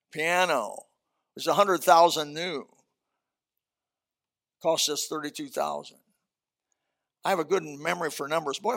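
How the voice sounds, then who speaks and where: A man's voice: a little high, creaky, pushed and bright. An older man, a senior pastor preaching a sermon in a church auditorium in a folksy, emphatic way with humorous asides.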